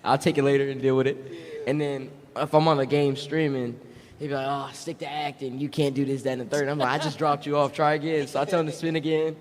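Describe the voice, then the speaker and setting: A male actor and streamer speaking on a live panel in a relaxed, matter-of-fact way. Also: fairly high pitch, fast talker. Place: large event hall. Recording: hall reverb, faint noise.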